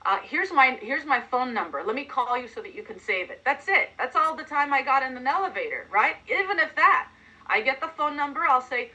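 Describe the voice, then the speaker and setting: A woman giving an energetic coaching talk to a sales team, acting out sample pitches with emphatic delivery. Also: brisk, highs cut off. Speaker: sales trainer.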